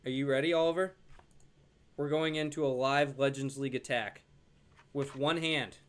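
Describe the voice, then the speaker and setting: A young man who makes gaming videos chats about his own gameplay at a moderate pace, his medium-pitched voice fairly even in intonation. He's chatty and jokey, and he talks to his dog in a soft baby voice.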